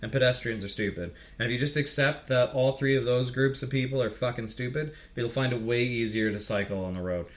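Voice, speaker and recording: Brief: guy, podcast co-host, profane heated rant, mid-pitched. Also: brisk, hardly any pauses. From Canada. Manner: profane, heated ranting with frequent swearing.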